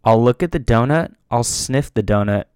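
A man's voice: medium pitch, animated, moderate pace, a little mellow, clear, resonant tone, no room sound, clean studio sound. A young man talking casually on his own, rambling and swearing, with frequent restarts and fillers. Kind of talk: casual monologue.

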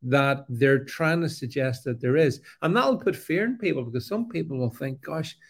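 A man giving a casual opinion monologue, halting and repeating himself, with a sarcastic edge. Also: mid-range voice, expressive. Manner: halting, many fillers and restarts, sarcastic. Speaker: political commentator.

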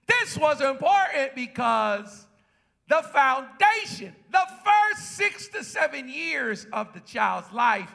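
A pastor preaching a sermon to his congregation. He calls out to the crowd and builds up into shouts. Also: very high voice, vocal fry. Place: church.

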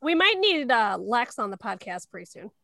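A woman co-hosting a podcast who asks guests questions in casual chat, talking quickly with many restarts. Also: on the high side, sing-song, gravelly, pushed and bright, no echo. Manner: quick, lots of likes and restarts. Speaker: podcast co-host.

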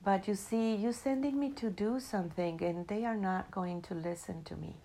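A woman voicing a humble, anxious young man who pleads and apologizes in a halting way. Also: mid-range voice, dark tone, slight background noise, natural voice. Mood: apologetic.

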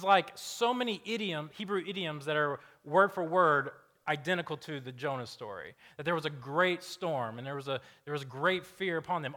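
Male pastor, casual animated sermon, fairly high voice, crisp and sharp tone. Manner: questions the congregation. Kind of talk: conversational sermon.

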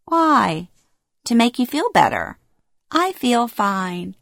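A woman's voice: fairly high pitch, sing-song, slow pace, gravelly, fairly bright tone, dry recording, voice pushed up, exaggerated voice. A woman voicing her frail elderly mother with dementia, plaintive and bewildered, in a memoir reading.

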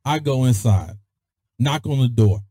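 A man hosting his own podcast, telling stories in a casual, animated way and peppering his speech with mild cuss-word substitutes. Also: unhurried, husky, no echo, clean studio sound. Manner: animated, swings his voice high for emphasis; peppers speech with "freaking" and "daggone". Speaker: podcast host. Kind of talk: casual storytelling.

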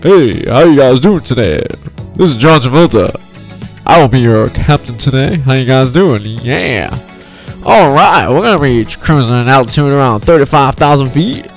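A man's voice: medium pitch, lively intonation, normal speed, soft background music, close to an everyday voice. A man doing a drawling disco-star pilot. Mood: breezy. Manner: drawling, loose, "yeah yeah" filler. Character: impression of a celebrity as airline captain, laid-back disco guy.

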